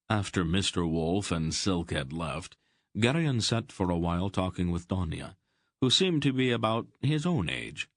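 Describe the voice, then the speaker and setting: A man with a deep voice narrating an audiobook, measured and expressive, letting his pitch wander widely. The recording is close and dry. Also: no echo.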